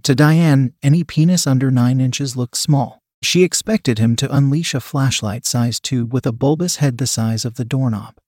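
A man reading a written story aloud in a steady narrating manner. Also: mid-range voice, normal speed, hardly any pauses, no room sound, clean studio sound. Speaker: podcast narrator.

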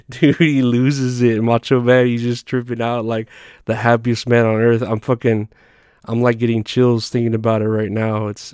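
A man's voice: mid-range voice, darkish tone, smooth, no room sound, studio quality. A young man hosting a podcast, rambling through a profane comedic rant with lots of fillers and restarts. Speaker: podcast host.

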